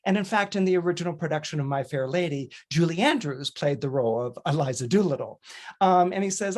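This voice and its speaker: A man's voice: a little high, expressive, quick pace. A man, an astrologer, casually telling a story on a podcast, rambling with fillers and restarts and briefly mimicking characters. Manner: chatty, digressive, with frequent fillers and restarts.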